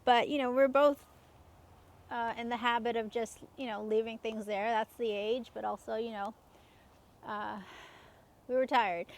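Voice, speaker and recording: A woman's voice: on the high side, steady tone, unhurried, pauses often. A woman in her thirties telling personal stories in a casual, chatty way, laughing often and using many fillers. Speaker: self-help coach.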